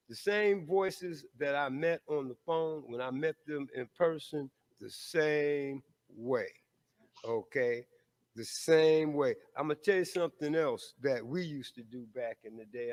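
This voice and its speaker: Man, fairly high voice, emphatic storytelling, casual, checks in with listeners. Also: a little slow. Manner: emphatic, punctuates points with "okay?".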